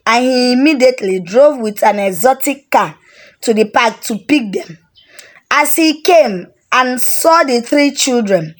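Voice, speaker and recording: A woman tells a story at a slow, deliberate pace. Her voice is steady, unhurried and a little higher than most. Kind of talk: storytelling narration.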